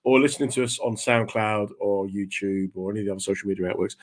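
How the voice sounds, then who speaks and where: A man's voice: lowish voice, steady tone, fast. A man hosting a radio chat show, talking casually and joking with his guest. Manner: jokey, slips into mock voices.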